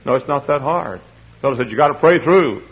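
Older male preacher, husky voice, homespun storyteller who breaks into shouts; muffled lo-fi radio sound. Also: mid-range voice, expressive, a little fast. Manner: folksy storytelling with sudden shouted climaxes. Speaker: pastor. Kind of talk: sermon. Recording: dull lo-fi radio broadcast.

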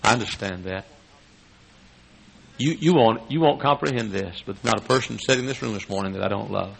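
An older man from Texas with a Texan accent, preaching a sermon as a pastor. He swings between hushed, tender low passages and high, shouted preaching, often chuckling as he goes. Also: brisk, vocal fry, slightly rough, rough recording.

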